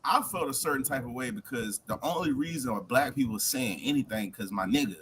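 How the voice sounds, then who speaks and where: A young man co-hosting a podcast, talking in animated slang and acting out quotes in voices during a heated casual chat. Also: medium pitch, fairly quick, a little hiss or hum. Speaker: podcast co-host.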